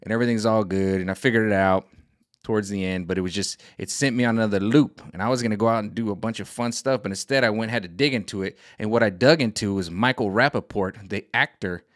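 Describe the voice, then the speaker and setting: A man ranting casually to camera as a vlogger, animated and exasperated. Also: lowish voice, fast, no echo, clean studio sound. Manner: animated, exasperated, jumps into quoted voices. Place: home room set up for streaming.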